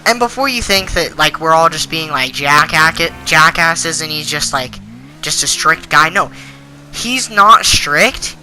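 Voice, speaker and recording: A man's voice: on the high side, expressive, measured pace, pushed and bright, faint music behind, rough recording. A teenage boy telling a school story in an indignant, rambling way, full of fillers. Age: teens. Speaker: channel host. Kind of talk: storytime rant.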